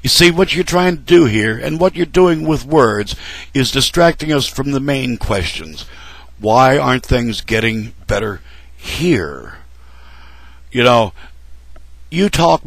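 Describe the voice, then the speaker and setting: A man's voice: mid-range voice, gravelly, dry recording, poor audio. A man delivering a sarcastic, scolding political rant, speaking straight to the candidates as if they were listening. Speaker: political commentary vlogger. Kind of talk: ranting political commentary to camera.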